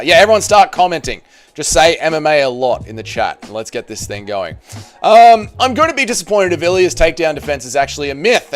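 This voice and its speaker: Australian male streamer, mid pitch, animated, slangy banter. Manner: chatty, rambling, slangy, jokey. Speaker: MMA channel livestream host. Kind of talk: casual livestream chat, reading viewer comments.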